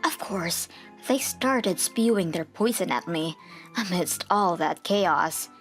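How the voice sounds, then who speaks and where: A woman narrating a manga dub, telling the story earnestly and turning hushed at tense moments. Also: lowish voice, animated, slow, soft background music.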